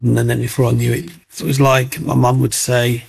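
A middle-aged man recounts his past as an interview guest. His voice is heavily gravelly. He talks in a chatty, lively way and acts out other people's lines. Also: medium pitch, brisk. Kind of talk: personal storytelling.

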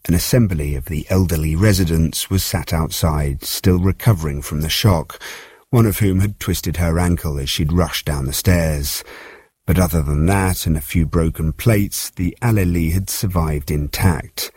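A male reporter with a low, husky voice reads his field report as a measured, scripted narration. The sound is dry and close, with no room around it. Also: a little mellow, no room sound. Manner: measured, storytelling delivery.

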